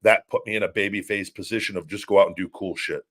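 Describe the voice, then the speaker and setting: A middle-aged former wrestler hosts a casual podcast, rambling through long stories full of restarts and repeated words. His voice is low-pitched and a bit bright, with a steady tone, and he talks fast.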